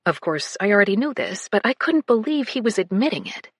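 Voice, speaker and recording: Breathy woman narrating a romance audiobook. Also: mid-range voice, sing-song, fairly quick, no echo, studio quality. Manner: breathy, dropping to whispers. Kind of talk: first-person romance narration.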